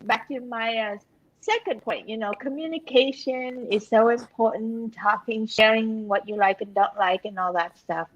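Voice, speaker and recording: A woman co-hosting a frank casual chat, laughing often and talking in animated bursts with repeated words. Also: fairly high pitch, normal speed, muffled recording. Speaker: co-host.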